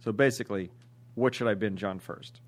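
A man co-hosting a podcast, chatting casually and reading out listener emails, quick to laugh. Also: lowish voice.

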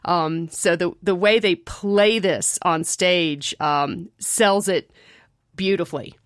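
Woman, casual chat, animated, laughs a lot, dry close sound. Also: on the low side, slow pace, no room sound. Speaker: podcast panelist.

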